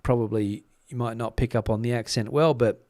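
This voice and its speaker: A middle-aged Australian man hosts a casual live stream, talking in a loose, meandering way full of ums and restarts. His voice sits at an ordinary pitch and sounds close and dry, with no room around it. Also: brisk, no echo. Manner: relaxed, rambling, many fillers and restarts. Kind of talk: casual live-stream chat reading comments.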